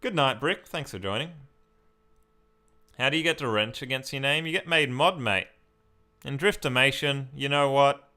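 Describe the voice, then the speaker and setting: A man's voice: medium pitch, moderate pace, long pauses, bright, forceful tone, smooth. An Australian man from Victoria, chatting casually on a live stream as he reads and answers viewer comments.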